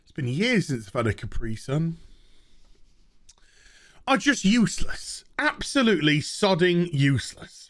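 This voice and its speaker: A man's voice: fairly high pitch, very animated, a little slow, long pauses. A man reviewing a TV show in a sweary, sarcastic, exasperated rant. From Northern England.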